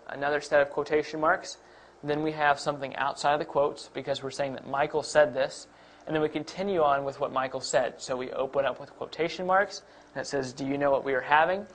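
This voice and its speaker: A man's voice: mid-range voice, slight background noise. A man teaching a test-prep grammar lesson, explaining step by step with a few fillers and restarts. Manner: explains step by step while pointing at examples; uses fillers and slight self-corrections. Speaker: instructor.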